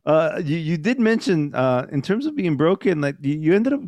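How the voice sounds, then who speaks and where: A man's voice: fairly high pitch, very animated, normal speed, darkish tone, no room sound. A man co-hosting a casual podcast, swearing freely and laughing often. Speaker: podcast co-host. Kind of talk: casual chat.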